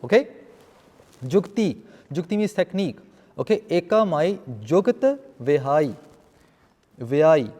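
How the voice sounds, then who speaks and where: A man's voice: on the high side, big pitch swings, takes it slowly, long pauses, warm tone. A man teaching a seminar on scripture vocabulary to a live class, explaining terms and often checking with "okay?". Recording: long reverb in a hall.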